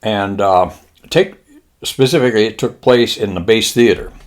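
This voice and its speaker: A man's voice: fairly low pitch, normal speed. A man hosting a show, telling a rambling comic anecdote with fillers and asides. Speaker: show host. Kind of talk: comic storytelling.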